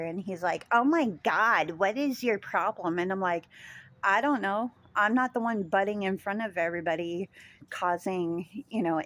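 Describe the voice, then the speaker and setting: A woman vlogger telling a story about a rude sandwich-shop customer in casual chat, rambling with many fillers and restarts. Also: mid-range voice.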